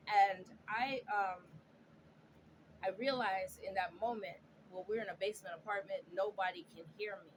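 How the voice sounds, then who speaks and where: A woman telling a personal story in earnest, halting speech, often repeating words and restarting her sentences. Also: mid-range voice, low-quality recording. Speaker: storyteller sharing a personal testimony. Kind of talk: emotional first-person storytelling. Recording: clear steady background noise.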